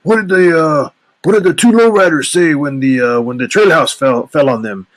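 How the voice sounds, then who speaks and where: A man doing an impression of a rough-voiced male friend who loves telling jokes, raising his voice well above his normal pitch. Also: moderate pace, no room sound, close to an everyday voice. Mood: joking. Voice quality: rough, scruffy. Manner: jokey, teasing.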